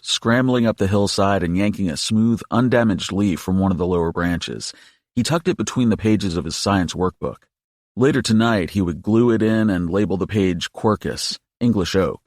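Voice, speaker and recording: A man narrating an audiobook in a steady, measured storytelling voice. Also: sits low, no echo, studio quality. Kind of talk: scripted narration.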